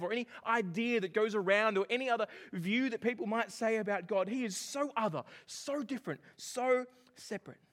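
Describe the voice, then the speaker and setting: A man preaching a sermon, animated and joking as he makes his points. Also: high voice. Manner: animated and joking, with lively emphasis. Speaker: pastor.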